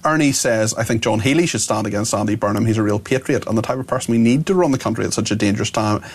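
A man's voice: lowish voice, fast talker, slightly rough. Radio host guy, chatty and wry, reads out texts, lots of uhs. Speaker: radio talk show host. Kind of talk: live talk radio, reading texts and chatting with a guest.

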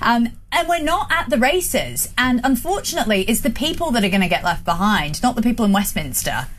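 A woman's voice: on the high side, big pitch swings, a little fast, fairly bright tone, slight background noise. A woman, a guest commentator on a talk show, speaking earnestly and agreeably. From Australia.

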